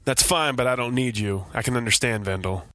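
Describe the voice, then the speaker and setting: An actor playing a wisecracking private detective who narrates in a dry, hard-boiled way and grows exasperated. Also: male voice, mid-range voice, brisk, bright, forceful tone, lightly acted. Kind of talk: comedy noir audio drama.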